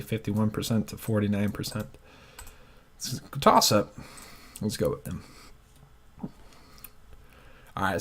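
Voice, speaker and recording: Casual man talking through bracket picks on his own channel; low-ish voice, unhurried and hesitant. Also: darkish tone. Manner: thinking aloud, hesitant, frequent fillers. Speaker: sports channel host.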